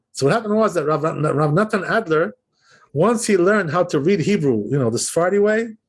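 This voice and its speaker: A man, a rabbi, giving an informal religious lesson, explaining as he goes and repeatedly checking in with "right?" and "you know?". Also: a little high. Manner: demonstrates pronunciation aloud. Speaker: rabbi teaching a class.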